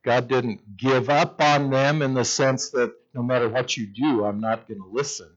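A man's voice: mid-range voice, steady tone, moderate pace, lo-fi sound. A male pastor preaching a sermon, retelling scripture as a story and acting out its voices.

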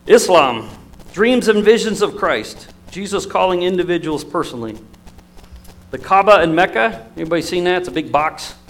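A man preaching a sermon, telling stories in an emotional, storytelling manner with lively swings in loudness. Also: sits high, moderate pace, low-quality recording.

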